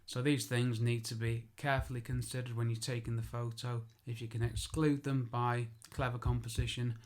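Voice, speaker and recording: A man's voice: mid-range voice, flat delivery, moderate pace. A man who works as an architectural photographer, giving an informal spoken tutorial. He chats, makes self-deprecating asides and corrects himself aloud.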